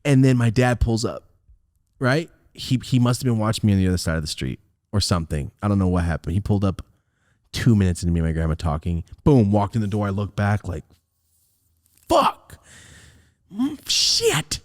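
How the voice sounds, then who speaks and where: A young man on a podcast, telling a personal story in a casual, animated and profane way, laughing often. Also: on the low side, fast talker, no room sound, clean studio sound. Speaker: podcast host. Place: podcast studio.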